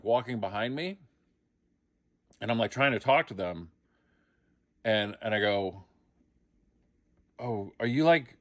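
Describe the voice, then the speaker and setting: Middle-aged man, comic anecdote, animated delivery with a bright voice, dry close sound. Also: mid-range voice, dry recording. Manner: lively, comic storytelling with acted-out quotes. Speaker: actor telling a behind-the-scenes story. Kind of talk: casual anecdote.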